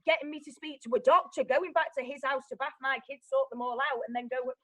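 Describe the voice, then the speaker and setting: A young woman, telling her own story as a guest in a blunt, animated way, swearing often. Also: sits high, brisk, rough recording. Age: young adult. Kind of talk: candid personal storytelling.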